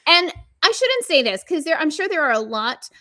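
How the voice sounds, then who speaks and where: A woman telling stories in a casual podcast chat, animated and laughing often, as a guest on a video call. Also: high-pitched, normal speed, no room sound, studio quality. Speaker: conference organizer and guest.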